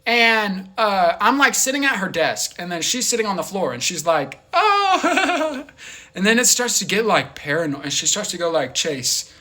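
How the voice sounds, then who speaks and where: Animated rambling young man. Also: sits high, a little fast, hardly any pauses. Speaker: vlogger. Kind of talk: casual storytelling.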